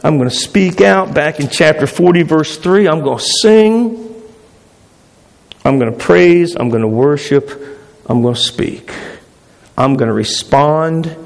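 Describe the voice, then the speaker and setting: A man's voice: fairly high pitch, a little slow, gravelly, pauses often. A man preaching a sermon as pastor, speaking emphatically and repeating phrases for stress. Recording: long hall reverb.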